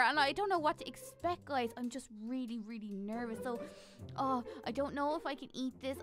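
A woman's voice: sits high, close to an everyday voice. A woman voicing a young girl in a game role-play who frets and hesitates as she talks to the viewers. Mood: nervous. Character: young girl, anxious before getting braces. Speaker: Minecraft role-play character. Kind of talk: role-play vlog narration.

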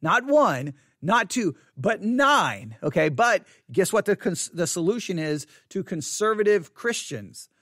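A man's voice: sits high, very animated, a little slow, few pauses, a bit bright, dry recording, clean studio sound. A middle-aged American man, a pastor hosting a podcast, giving blunt and exasperated commentary on a listener's email. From United States.

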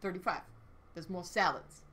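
Bright-voiced woman streamer calling orders. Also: fairly low pitch, normal speed. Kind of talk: casual co-op gaming chat.

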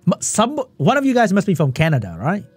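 Excitable man with a lively voice, commentating a game. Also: sits high, brisk, breathy edge, no room sound, faint music behind. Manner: excitable, laughs often, chats with viewers. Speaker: esports commentator and streamer. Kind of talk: live game commentary while reading chat.

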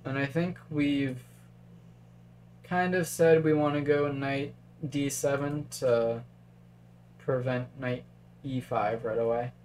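A man's voice: mid-range voice, steady tone, takes it slowly, pauses often, a little mellow, slight background noise. A man casually commentating a chess game on a live stream, thinking aloud through moves and answering chat.

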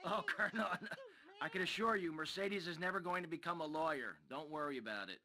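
A curt, dry-witted crime boss. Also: male voice, fairly high pitch, brisk, sharp tone. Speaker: game protagonist.

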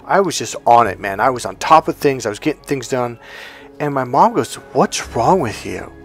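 A man's voice: mid-range voice, lively intonation, brisk, a bit bright, faint music behind. A middle-aged man and life coach tells a personal story in a casual, profane way, acting out bits of dialogue. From California.

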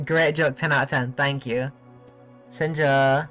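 A young man streaming a video game live, chatting excitably and giggling with his viewers. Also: a little high, slow, soft background music. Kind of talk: live gameplay commentary.

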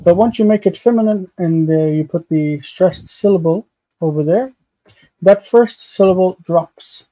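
A man leads a live online grammar class, walking through each word and sound patiently. His voice is warm and mellow and sits a little high. He speaks over a video-call mic. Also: moderate pace, low-quality recording. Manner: patient, explains pronunciation step by step. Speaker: host teaching biblical Hebrew grammar.

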